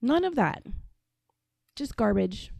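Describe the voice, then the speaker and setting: A woman's voice: on the high side, very animated, slow pace, vocal fry, darkish tone, no room sound. Blunt, profane woman podcast host. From Atlanta, US. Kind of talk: casual commentary on played clips.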